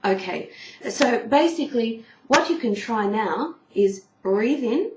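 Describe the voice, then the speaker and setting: A woman's voice: a little high, animated, takes it slowly, darkish tone, muffled recording. Woman teaching singing in an echoey room. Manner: explains patiently, demonstrates breathing sounds. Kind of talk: video singing lesson. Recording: echoey room with faint noise.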